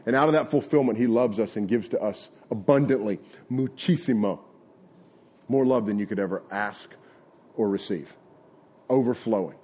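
A man's voice: on the low side, normal speed, darkish tone, slightly rough. A middle-aged man, preaching a sermon in a folksy, conversational way and acting out retold conversations. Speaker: pastor. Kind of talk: sermon with personal storytelling.

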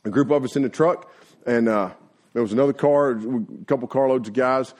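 A male preacher with a mid-pitched voice delivers a sermon to a youth crowd. He is folksy and animated, drifting into personal stories and peppering his talk with filler words. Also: brisk.

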